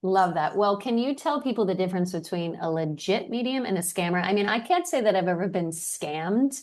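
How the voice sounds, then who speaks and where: A woman hosting a casual podcast interview, asking relaxed questions. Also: medium pitch, fairly quick. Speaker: podcast host.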